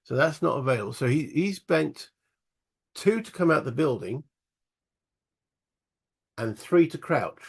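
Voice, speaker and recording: A man's voice: on the high side, lively intonation, a little slow, gravelly, pauses often, breathy edge. A man playing a solo board game, muttering rule passages aloud and thinking through each move. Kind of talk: casual solo wargame playthrough.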